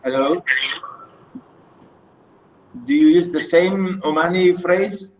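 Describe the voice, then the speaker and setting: A middle-aged man whose first language is Arabic, lecturing a literature class online, talking haltingly with many fillers and repeated words. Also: high voice, a little hiss or hum, poor audio.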